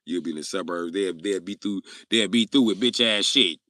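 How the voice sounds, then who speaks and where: A man's voice: sits low, moderate pace, bright, forceful tone, no echo, clean studio sound. A man chatting casually on his live stream, joking and cursing freely. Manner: crude, profane, joking. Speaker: livestreamer.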